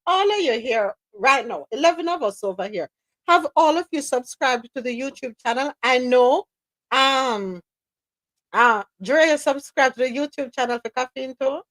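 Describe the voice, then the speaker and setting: Lady hosting a live stream, high voice, dry close sound, playful and chatty. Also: normal speed, no echo. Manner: lively, teasing, talks to listeners by name. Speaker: host. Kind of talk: live-stream news chat.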